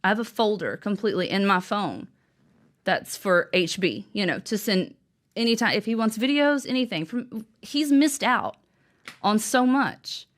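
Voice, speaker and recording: An earnest woman speaks as an interview guest and author, telling a personal story. Her delivery is halting and emotional, with frequent restarts. Her voice sits at an ordinary middle pitch. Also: lively intonation.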